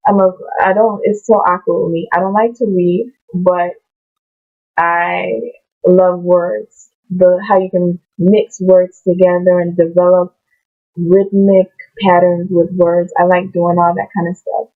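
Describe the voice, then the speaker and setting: A woman's voice: fairly low pitch, level tone, a little slow. A woman casually reading from the Bible and talking about it, rambling off on tangents and restarting her sentences. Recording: tinny phone-like sound.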